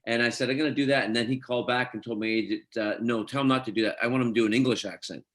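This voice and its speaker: A man's voice: medium pitch, fairly even intonation, racing. A middle-aged man from Scotland, an actor telling chatty anecdotes in an interview. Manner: chatty anecdotes, quotes others, laughs easily. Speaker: actor guest. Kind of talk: casual interview storytelling.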